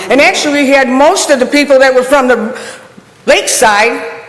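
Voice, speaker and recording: Upset lady at a council mic, high voice, big echoey chamber. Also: a bit bright. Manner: frustrated, pointed rhetorical questions. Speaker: resident giving public comment. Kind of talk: public comment at a council meeting. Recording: echoey hall, room mic.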